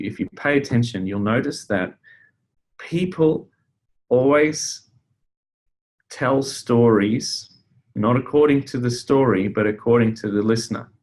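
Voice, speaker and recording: A man presenting a webinar in a conversational way, a counselor who talks with fillers and restarts. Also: medium pitch. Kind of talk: casual webinar teaching.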